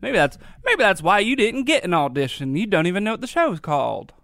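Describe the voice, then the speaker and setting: A man's voice: sits high, big pitch swings, fairly quick, vocal fry, fairly bright tone, no echo. A man co-hosting a comedy podcast in a studio, needling his sister with teasing remarks. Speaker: co-host, host's brother. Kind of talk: comedic casual banter.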